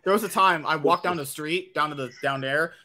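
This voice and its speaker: A high-pitched man with a bright, sharp voice, co-hosting a casual podcast. He tells crude stories with animated energy. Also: fairly quick. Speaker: podcast co-host.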